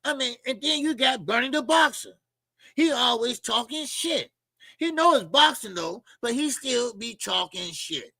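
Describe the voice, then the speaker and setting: A man's voice: extremely high pitch, expressive, a little slow, vocal fry, sharp tone, no echo. A man hosting a boxing channel, ranting his opinions in a blunt, profane, mocking way, often repeating himself and using fillers. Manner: repeats phrases, with frequent fillers. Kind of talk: opinionated boxing commentary rant.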